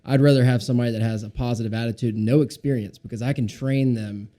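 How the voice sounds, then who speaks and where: Fast-talking podcast host, mellow voice. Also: male voice, medium pitch, fairly even intonation. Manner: quick, affirming, paraphrases the guest. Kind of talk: casual interview chat.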